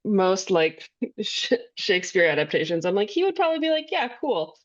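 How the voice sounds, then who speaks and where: A woman's voice: medium pitch, sing-song, fairly quick, muffled recording. A woman guest on a podcast, chatting casually, giggly and full of fillers. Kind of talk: casual chat.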